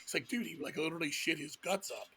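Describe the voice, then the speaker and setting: A man's voice: on the high side, bright, forceful tone, slight background noise. A middle-aged man from Virginia, a metal vocalist guest telling wild stories full of profanity and quoted voices. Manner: profane, fast-paced anecdotes with voiced quotes. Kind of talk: animated storytelling in casual talk.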